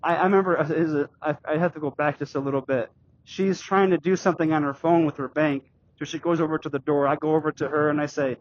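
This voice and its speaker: A middle-aged man vlogging while riding a bike, telling a personal story in a halting, rambling way with many restarts and fillers. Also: fairly high pitch, steady tone, lo-fi sound. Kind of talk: casual storytelling vlog. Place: outdoors on a bike.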